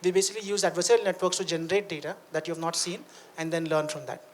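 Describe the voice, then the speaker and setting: A man's voice: high-pitched, steady tone. A man answering on a tech panel, conversational, often checking in with "right?". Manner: fast, conversational, tags points with "right?".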